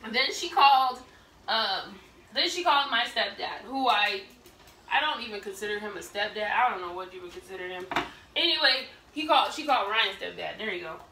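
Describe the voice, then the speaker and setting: A young adult woman telling a story from her own life in a casual chat, animated and laughing often, acting out what others said. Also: medium pitch, brisk, noisy background. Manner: animated, laughing, acts out quoted people loudly. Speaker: vlogger. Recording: echoey room, mic at a distance.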